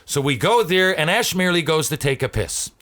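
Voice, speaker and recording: A man's voice: a little high, brisk. A man hosting a podcast, telling a story in casual chat with plenty of swearing and restarts. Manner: profane, animated anecdote-telling with many restarts. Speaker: podcast host.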